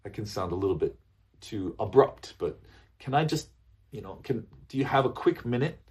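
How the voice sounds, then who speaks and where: A man with a husky, low-side voice teaches business English phrases at normal speed. He goes over examples repeatedly in an animated way, often asking "okay?" and "right?".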